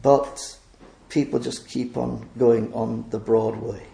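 A man's voice: medium pitch, steady tone, takes it slowly, vocal fry, mellow. A man preaching a sermon, earnest, painting scenes vividly for his listeners. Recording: echoey room.

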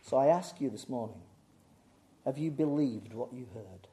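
Dynamic preaching man, loud to hushed. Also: expressive, moderate pace. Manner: swings from booming emphasis to hushed intensity. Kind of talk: sermon.

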